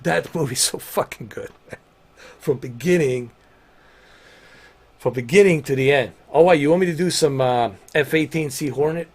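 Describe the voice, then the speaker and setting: Excitable, foul-mouthed male game streamer. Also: fairly high pitch, normal speed, pauses often, breathy edge. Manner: rambling, profane, laughs often; excited and emphatic. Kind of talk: casual livestream chat.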